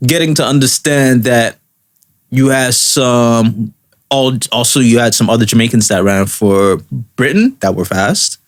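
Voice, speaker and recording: A man's voice: mid-range voice, measured pace. A man co-hosting a casual podcast chat, talking in a rambling way with many restarts. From Toronto, Canada. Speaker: podcast co-host.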